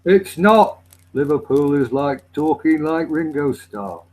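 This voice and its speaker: A man's voice: a little high, animated, slow, a little mellow, low-quality recording. A man from Lancashire with a Lancashire accent, chatting casually and telling laid-back anecdotes. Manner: laid-back storytelling, laughs along. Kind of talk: casual chat with banter.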